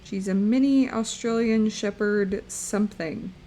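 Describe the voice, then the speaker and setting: A woman's voice: medium pitch, measured pace, mellow, slight background noise. A young woman streaming live, chatting playfully and rambling to her viewers while she draws. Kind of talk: casual live-stream chat while drawing.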